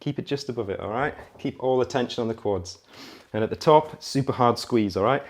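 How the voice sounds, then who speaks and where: A man's voice: medium pitch, brisk. A man coaching a workout, counting reps aloud and often checking in with the listener. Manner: energetic coaching, often while exercising. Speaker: fitness coach. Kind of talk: workout instruction.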